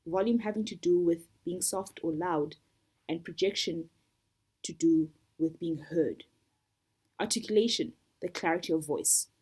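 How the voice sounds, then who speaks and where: Husky-voiced woman teaching a workshop. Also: lowish voice, a little mellow. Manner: deliberate, defines terms one by one. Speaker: storytelling workshop facilitator. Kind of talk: instructional talk.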